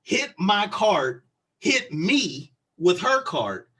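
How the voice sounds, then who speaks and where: A young man with a high, bright and husky voice tells stories on a casual podcast. He gets animated and acts out the people he quotes, loud and lively. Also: drawn-out words. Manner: animated storyteller who acts out quotes loudly. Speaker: podcast co-host. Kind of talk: casual chat, storytelling.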